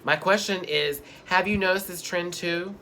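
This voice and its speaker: A man's voice: sits high, steady tone, moderate pace, pushed and bright, a little hiss or hum. A man co-hosting a casual chat show, playful and sassy, reading out viewer questions and joking along the way. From Houston. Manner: playful, sassy, drifts into put-on accents. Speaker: co-host.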